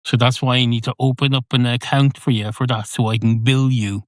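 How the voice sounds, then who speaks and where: A fussy, long-winded barman, as a man plays him, officious and easily exasperated. The voice sits at a middling pitch on a dry, close mic. It is a comic podcast story. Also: steady tone, brisk, dry recording, natural voice.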